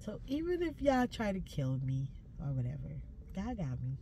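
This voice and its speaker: A woman's voice: fairly low pitch, huge pitch swings, normal speed, dark tone, a little hiss or hum. Profane ranting woman. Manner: profane, emphatic, preachy. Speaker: social media creator. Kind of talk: ranting to camera.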